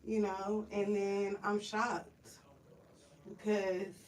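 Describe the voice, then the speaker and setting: A woman's voice: mid-range voice, little pitch movement, extremely slow. A woman guest speaking candidly and casually, filling her talk with "you know". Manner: candid, frank, many "you know" fillers. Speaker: podcast guest. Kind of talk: casual chat. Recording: roomy, distant mic with faint hiss.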